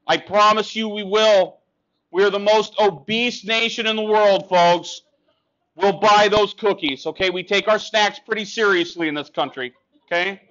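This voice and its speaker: A man's voice: sits high, moderate pace, a bit bright, lo-fi sound. A man doing a stand-up comedy set on a club stage, sarcastic and ranting at the crowd. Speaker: stand-up comic.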